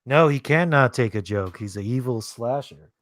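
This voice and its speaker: A man's voice: mid-range voice, expressive, normal speed, fairly bright tone, no room sound. A man hosting a live movie watch-along stream, chatting loosely and swearing freely while he answers his chat. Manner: rambling, profane, reads chat aloud.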